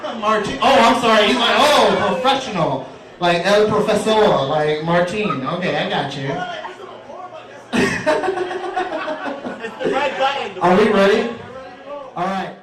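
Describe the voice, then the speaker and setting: A high-voiced man working the crowd as a comedy host, loud, teasing and crude. He is heard from a distance in an echoey room, with a lively audience laughing behind him. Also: moderate pace. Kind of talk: stand-up crowd work.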